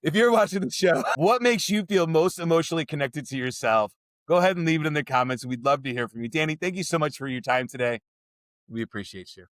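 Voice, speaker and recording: A man's voice: fairly high pitch, fast talker, dry recording. A man hosting a podcast, speaking in an earnest, reflective way and laughing easily. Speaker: podcast host. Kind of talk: casual interview chat.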